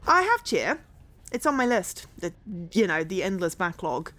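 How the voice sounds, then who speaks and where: Playful, animated woman streamer. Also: medium pitch, normal speed. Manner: playful, animated, gushes over pets. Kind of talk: casual gameplay commentary.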